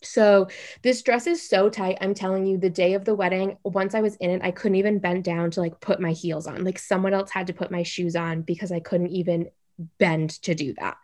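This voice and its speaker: Young woman, casual animated storyteller, heavy on filler words. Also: mid-range voice, normal speed. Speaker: guest telling a story.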